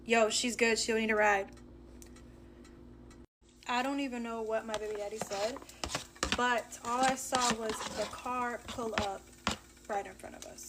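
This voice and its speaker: A young woman telling a casual storytime, animated and acting out the dialogue. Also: fairly high pitch, heavy background noise.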